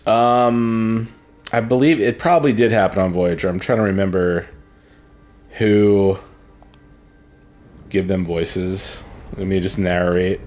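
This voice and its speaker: A man's voice: deep voice, takes it slowly, long pauses, a little mellow. A man giving casual gameplay commentary, rambling, crude and sardonic as he plays. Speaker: gaming streamer.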